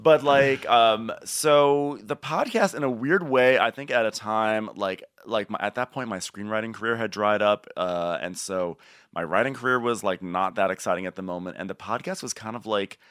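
A man with a somewhat low, smooth voice chats casually as a podcast co-host. He rambles and stacks fillers as he thinks aloud. The sound is dry and close. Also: moderate pace, fairly bright tone, dry recording. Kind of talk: casual chat.

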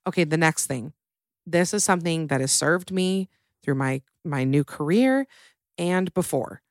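A woman's voice: deep voice, animated, unhurried, no echo, clean studio sound. A young woman hosting a solo podcast, talking in a candid, chatty and emotional way. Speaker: podcast host.

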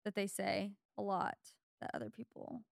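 A young adult woman with a Valley Girl accent and vocal fry, chatting casually as a podcast co-host with lots of fillers. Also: medium pitch, level tone, moderate pace, no room sound, studio quality. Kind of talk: casual chat.

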